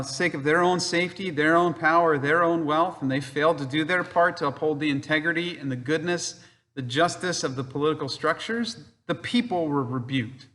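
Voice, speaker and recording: A man giving a measured, earnest spiritual reflection, pausing for emphasis. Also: on the high side, sharp tone, long reverb tail. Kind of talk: spoken reflection.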